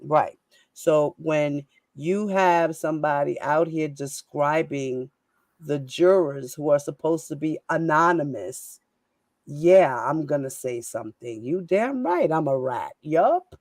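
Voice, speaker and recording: A woman's voice: low-pitched, expressive, slow pace, a little mellow, no echo. A woman, hosting and ranting in a fiery, profane way and firing off rhetorical questions. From New York. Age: 40s. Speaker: host. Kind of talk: heated casual live-stream rant.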